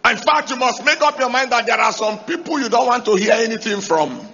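Gravelly, high-pitched male preacher. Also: animated, fairly quick, dull audio. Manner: emphatic, rising to shouts to drive points home; asks the congregation rhetorical questions. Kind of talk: sermon.

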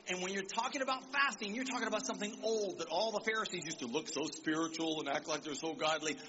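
A man preaching an animated sermon to young people at a church service, calling out for amens and acting out quotes. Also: high-pitched, fast, hardly any pauses, muffled recording, background noise. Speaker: visiting preacher.

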